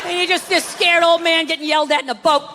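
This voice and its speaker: A man doing a stand-up comedy routine, ranting with lots of profanity and shouting his punchlines. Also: extremely high pitch, steady tone, fast talker. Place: comedy stage before a live audience. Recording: live club set with crowd laughter and noise.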